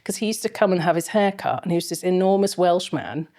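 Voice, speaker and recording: A woman's voice: fairly low pitch, expressive, fast, mellow. A middle-aged woman, a fashion film lecturer, telling long rambling stories with many fillers as an interview guest. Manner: rambling anecdotal storytelling with frequent fillers. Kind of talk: casual interview chat.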